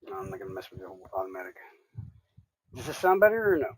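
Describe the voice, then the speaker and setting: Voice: low-pitched, sing-song, quick pace, breathy edge, no room sound, rough recording. Profane rambling Southern livestreamer. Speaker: livestream host. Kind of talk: casual true-crime livestream chat. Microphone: desk mic on a livestream.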